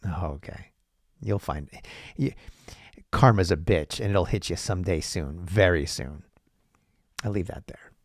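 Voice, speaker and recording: A man with a low, gravelly voice rambles through a solo podcast monologue. He throws in profane, sarcastic asides and restarts often. The sound is dry and close. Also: unhurried, no echo. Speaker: podcast host.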